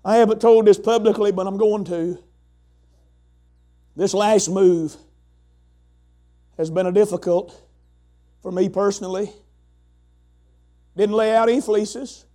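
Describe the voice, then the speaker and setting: Man, middle-aged pastor, very high voice, sermon, shouts then hushes, lots of "uh". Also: fairly even intonation, measured pace, long pauses. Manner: swings between shouted preaching and quiet storytelling, frequent "uh".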